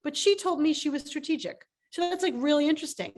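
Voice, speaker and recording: A woman's voice: sits high, fast talker. A woman coach speaking emphatically as a guest on a video call interview, telling stories with lots of energy. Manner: animated, emphatic storytelling. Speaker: startup coach.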